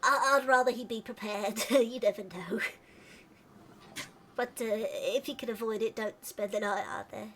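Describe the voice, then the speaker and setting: A woman's voice: on the high side, normal speed, fairly bright tone, slight background noise, natural voice. A woman voicing an anxious father fussing over his adventuring son, hesitant and stammering. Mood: fretful.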